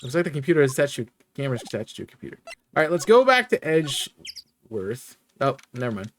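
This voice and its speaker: A streamer reading game dialogue aloud with low, deadpan muttered asides. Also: a little fast, a little hiss or hum.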